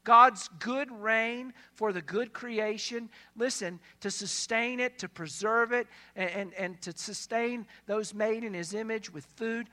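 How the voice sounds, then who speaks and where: A male pastor delivering a sermon in a high, bright, ringing voice. He preaches emphatically, moving between hushed passages and loud, stressed lines. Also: unhurried, few pauses.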